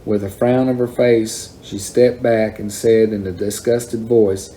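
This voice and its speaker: A man reading a children's novel aloud in a plain, unhurried storytelling manner. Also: fairly low pitch, little pitch movement, warm tone, a little hiss or hum. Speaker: reader.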